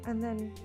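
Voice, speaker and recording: A woman vlogger recounting her family estrangement in an emotional, halting way, repeating words when upset and close to tears at times. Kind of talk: personal storytelling.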